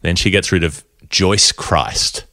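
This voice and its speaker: A man hosting a podcast, telling a story in a casual, animated way and often laughing through it. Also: sits low, takes it slowly, no room sound, studio quality. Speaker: podcast host.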